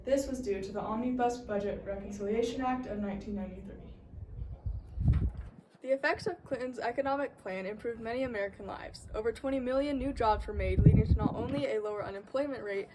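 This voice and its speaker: A woman in the role of a reporter, reading a scripted news report in a steady voice. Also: on the high side, fairly quick. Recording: echoey room, mic far off, faint hiss.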